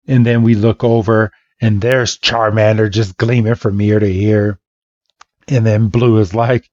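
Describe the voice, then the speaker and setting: A man hosting a podcast, casually retelling a story and acting out every character in an animated way. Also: on the low side, normal speed, dry recording. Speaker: podcast host. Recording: dull lo-fi dry podcast mic.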